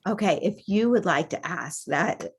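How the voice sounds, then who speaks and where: A woman's voice: fairly low pitch, expressive, a little slow, slightly rough. A woman hosting a team video call, emotional and hesitant as she thanks a speaker and introduces the next. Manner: warm, emotional, hesitant with ums. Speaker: meeting host.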